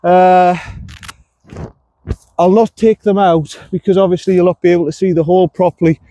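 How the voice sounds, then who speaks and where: Male golf vlogger, high mellow voice, casual self-talk on the course. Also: fairly even intonation, moderate pace, dry recording, muffled recording. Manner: talks to himself and the viewer between shots, self-coaching.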